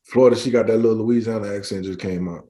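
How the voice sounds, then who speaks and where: A man's voice: on the low side, steady tone, fast, warm tone. A man co-hosting a podcast, adding brief interjections and dry asides in casual chat.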